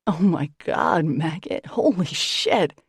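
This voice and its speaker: A woman's voice: on the low side, takes it slowly, husky, dry recording, studio quality, exaggerated voice. A woman reading an audiobook, voicing an impulsive, lovestruck man of twenty-six who blurts things out earnestly. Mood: elated. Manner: earnest and blurting, shouts when excited.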